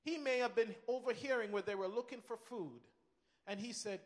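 Male preacher, high voice, emphatic sermon delivery with repeated phrases, long reverb of a big hall. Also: normal speed.

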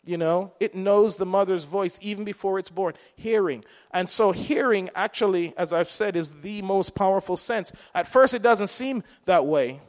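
A man's voice: high voice, normal speed, hardly any pauses, long reverb tail. A man preaching a sermon in a conversational way, asking his listeners rhetorical questions.

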